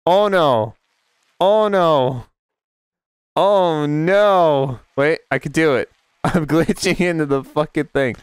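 Male let's-play host, unhurried but panicky, cursing and squealing, clean dry sound. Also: clear, resonant tone, no room sound. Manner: panicky, swearing, yelps into high squeals. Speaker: gaming video creator.

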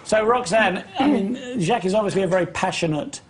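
A man's voice: sits high, brisk, crowd noise. A man hosting a talk show, politely interjecting to steer the conversation between guests.

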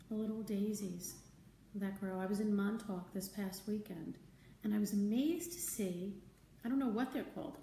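A woman hosting a live stream as a spiritual teacher, talking gently and conversationally, answering viewer comments and repeating her key phrases. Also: mid-range voice, slight background noise. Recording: roomy, distant mic, faint ambience.

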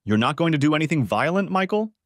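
A man raising his voice to play a worried young woman friend in a dry audiobook reading. She sounds anxious and pleading, her pitch lifted well above his own and swinging widely between lines. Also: sing-song, fast, dry recording. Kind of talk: audiobook narration.

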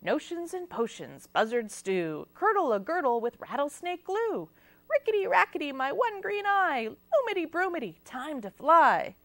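A fretful storybook witch with a soft spot for stray cats, put on by a woman reading aloud. Her high, excitable voice leaps all over the place. The sound is dry and close. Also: measured pace, no echo. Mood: chanting. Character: fretful kindly young witch who loves cats.

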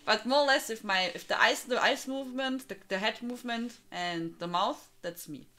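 A woman's voice: on the high side, normal speed, pushed and bright. A woman from Germany with a strong German accent, chatting casually on a live stream, greeting viewers by name and laughing often.

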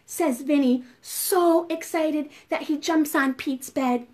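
A woman children's librarian leading a preschool storytime, reading and chanting rhymes in an animated, sing-song way. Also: high voice, slow, hardly any pauses.

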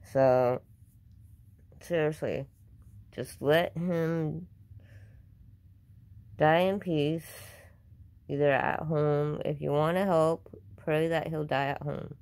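Gravelly, upset vlogger talking at home. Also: medium pitch, fairly even intonation, slow, pauses often, darkish tone. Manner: upset, defensive, repeats themselves. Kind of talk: casual talk to camera.

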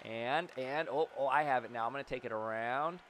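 A man giving excited, playful play-by-play of his own gameplay as host of his gaming channel, with sudden shouts. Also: medium pitch, a little fast, a little hiss or hum.

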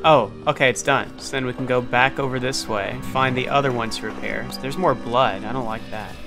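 A young man hosting a let's play of a horror game, excitable, yelping and shouting at scares and talking to himself as he plays. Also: mid-range voice, brisk. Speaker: gaming channel host. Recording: game music under the voice. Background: background music.

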